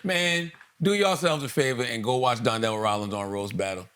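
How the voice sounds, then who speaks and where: A man's voice: medium pitch, normal speed, a bit bright, clean tone. A middle-aged man co-hosting a comedy podcast, telling stories animatedly and laughing often as he acts out quotes. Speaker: podcast co-host. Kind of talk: casual comedic chat.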